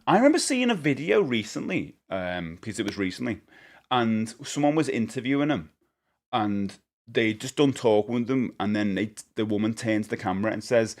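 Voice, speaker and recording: A man's voice: lowish voice, expressive, normal speed. Rambling, jokey man streaming. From United Kingdom. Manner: rambling, jokey, laughs often. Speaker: live-streamer. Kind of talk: casual live-stream chat.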